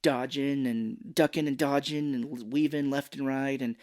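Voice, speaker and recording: A man co-hosting a relaxed movie podcast, walking through the plot scene by scene. He keeps slipping into quick impressions of the characters as he goes, in an easy, chatty delivery. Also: medium pitch. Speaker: podcast co-host. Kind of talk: casual movie recap podcast.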